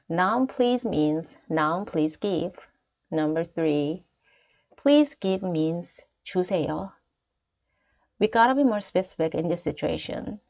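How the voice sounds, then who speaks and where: A woman with a Korean accent, a native Korean speaker, teaching travel phrases in a clear, deliberate lesson voice. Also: on the low side, darkish tone. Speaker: language teacher. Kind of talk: scripted lesson narration.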